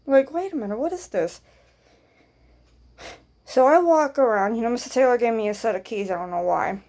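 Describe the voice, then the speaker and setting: A woman vlogger tells a long personal story in a loose, casual way. She rambles, swears freely and acts out each person's lines. Her voice sits a little high. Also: normal speed, a little mellow.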